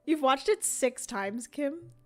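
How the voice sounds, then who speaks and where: A woman's voice: high-pitched, a little mellow. A young woman hosting a livestream, thinking aloud as she plays a board game and chatting casually with her viewers. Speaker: livestream host playing a solo board game.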